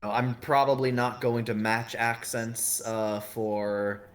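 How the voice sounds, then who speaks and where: A man playing in a tabletop game, chatting in a relaxed, rambling, hesitant way. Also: medium pitch, takes it slowly. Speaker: player. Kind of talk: casual chat about a tabletop game.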